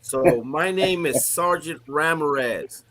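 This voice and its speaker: A man's voice: mid-range voice, normal speed, a loud crowd. A man, a retired soldier turned teacher, telling good-humored stories on a video call with many fillers. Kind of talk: casual video-call chat.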